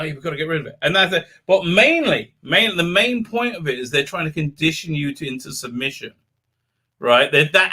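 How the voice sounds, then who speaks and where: A man's voice: fairly high pitch, pushed and bright. A man hosting a livestream in casual chat, rambling and restarting often, with laughs breaking into his words. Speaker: livestream host.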